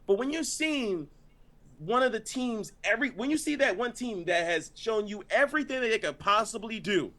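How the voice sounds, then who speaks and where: Brief: male co-host, high lively voice, joking rants on last night's wrestling. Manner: laughing, animated, drawn-out rants. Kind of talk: casual review chat.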